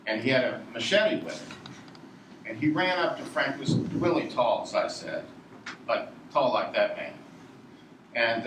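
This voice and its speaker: A man from Virginia telling a meandering, digressive story to a live audience and chuckling at his own tale. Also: fairly low pitch. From Virginia, USA. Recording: echoey room, distant mic, noisy.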